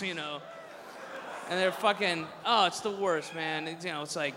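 A male stand-up comic rambles through a story, sarcastic and heavy on the swearing. His voice sits a bit high and sounds bright and sharp, with a long hall reverb and faint crowd noise behind. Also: moderate pace. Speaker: stand-up comedian. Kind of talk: stand-up routine.

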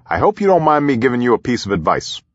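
A man voicing a brisk, friendly older male president with a chummy, folksy manner, in a slightly muffled recording. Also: medium pitch, very animated, no echo. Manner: chummy, back-slapping, quick asides.

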